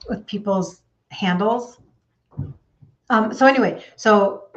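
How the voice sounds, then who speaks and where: Woman in her 50s chatting on a live stream, lots of ums, kinda dull lo-fi sound. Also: on the high side. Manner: chatty, reads viewer comments aloud, many fillers. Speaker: health coach hosting a live stream. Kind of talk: casual live-stream chat.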